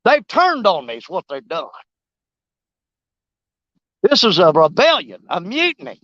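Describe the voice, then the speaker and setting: A man's voice: high-pitched, huge pitch swings, unhurried, a bit bright, dry recording, lo-fi sound. Joking man on a riverbank. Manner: joking, rambling, laughs often, folksy. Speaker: outdoor vlogger. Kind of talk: casual fishing vlog monologue. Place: outdoors on a riverbank.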